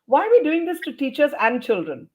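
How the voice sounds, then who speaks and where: A woman's voice: high-pitched, wildly swooping pitch, fairly quick, narrow, tinny audio. A woman educator answering interview questions, explaining points emphatically like a teacher and sounding out words. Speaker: educator and trainer, interview guest.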